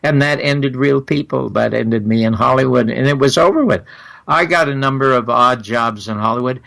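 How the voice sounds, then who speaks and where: An older man, a guest in an interview, recounting stories in an animated way and acting out the exchanges he quotes. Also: mid-range voice, moderate pace, creaky. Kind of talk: storytelling in a long interview.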